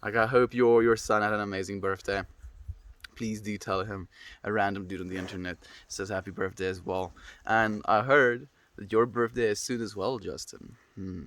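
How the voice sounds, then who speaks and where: A man's voice: lowish voice, steady tone, normal speed, fairly bright tone. A young man with a stuffy nose chatting casually on a livestream, rambling and reflective as he greets viewers.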